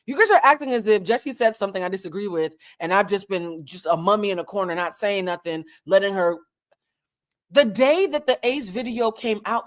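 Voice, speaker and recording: Woman ranting to her viewers, lecturing, lots of "are you mad?" type questions, mid pitch. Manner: impassioned, lecturing, asks pointed rhetorical questions. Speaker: commentary channel host. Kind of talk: direct-to-camera commentary rant.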